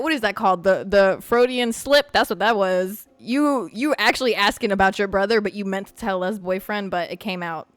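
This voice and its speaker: A woman hosting a podcast in casual chat, brash and excitable, swearing freely. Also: mid-range voice, moderate pace, hardly any pauses, clear, resonant tone, no echo, faint music behind. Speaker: podcast host.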